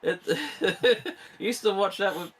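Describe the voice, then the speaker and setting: A man's voice: sits high, slow pace, a bit bright. Giggly rambling man. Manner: rambling, restarts often, giggly. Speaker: streamer co-host. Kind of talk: casual chat during a gameplay stream.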